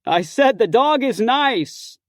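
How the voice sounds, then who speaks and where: A man reading an audiobook, voicing a loud, friendly, heavily tattooed young man who bellows and teases. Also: sits high, sing-song, moderate pace, dry recording, clean studio sound, pitched above the performer's own voice. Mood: shouting friendly. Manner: bellowing, teasing, hearty.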